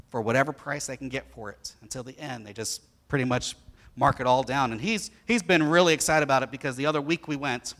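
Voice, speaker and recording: A man preaching a sermon, telling a story about his son and acting out the boy's lines with energy. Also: mid-range voice. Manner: animated storyteller who acts out his son's lines. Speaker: pastor.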